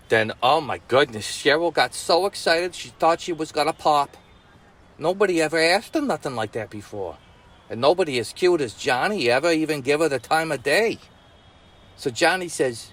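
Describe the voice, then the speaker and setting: A Brooklyn-accented man spinning a tall tale for his nephew. His voice sits a little high for a man and rises and falls a lot as he talks. He tells it folksy and chatty, with loose grammar and chuckling asides. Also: expressive, normal speed. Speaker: storyteller uncle. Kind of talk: bedtime-style storytelling.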